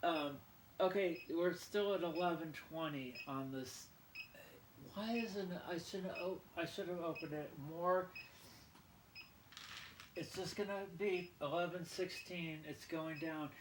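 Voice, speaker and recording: Speaking slowly in a fairly high voice, a man rambles through a casual vlog, poking fun at himself and repeating words aloud to practise saying them. The sound is roomy, with clearly audible background noise.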